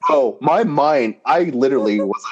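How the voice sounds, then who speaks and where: A man's voice: moderate pace, slightly rough, highs cut off. A man co-hosting a casual chat, telling an exasperated story with incredulous outbursts. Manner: exasperated, animated ranting with incredulous high-pitched jumps. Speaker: podcast co-host.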